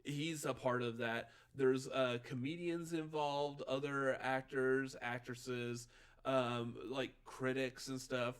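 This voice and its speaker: Casting: male podcast co-host from Texas. Tired, giddy, tells animated stories and acts out quoted voices. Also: mid-range voice, takes it slowly, smooth. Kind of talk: casual chat.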